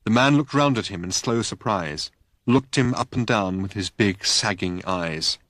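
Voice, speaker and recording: A man narrating an audiobook in a wry, measured reading voice, recorded in a studio. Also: on the low side, fairly bright tone, no room sound.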